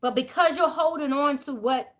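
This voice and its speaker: A woman giving a spiritual tarot reading to her viewers, talking straight to them in an animated, preachy way with frequent exclamations. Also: high voice, moderate pace. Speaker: tarot reader.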